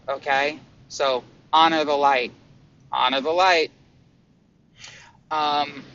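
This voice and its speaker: Excitable man with a dull, hazy recording. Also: a little high. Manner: excitable, swearing, stammering restarts. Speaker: spiritual vlogger. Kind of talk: casual monologue about spiritual experiences. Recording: dull lo-fi sound with faint hum.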